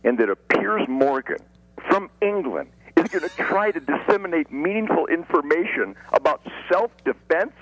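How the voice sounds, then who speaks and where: A man in his sixties from Detroit, talking as a guest on a radio show in a brash, boastful way, with rapid rants that break into sudden shouts. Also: a little high, expressive, husky, no echo, rough recording. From Detroit, USA. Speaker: guest musician. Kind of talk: radio phone interview. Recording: radio broadcast.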